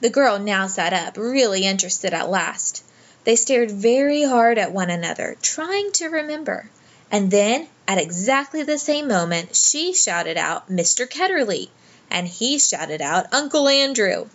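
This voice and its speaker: A woman reads a children's storybook aloud in a gentle, measured way. Her voice sits at a middle pitch and sounds slightly muffled, as if recorded with dull audio. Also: lively intonation. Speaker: audiobook narrator.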